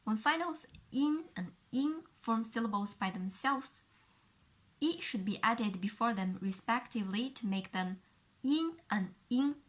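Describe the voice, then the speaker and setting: A woman with a Chinese accent teaching a pinyin lesson, explaining sounds slowly and carefully and repeating each one for the learner. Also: a little high, a bit bright. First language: Mandarin Chinese.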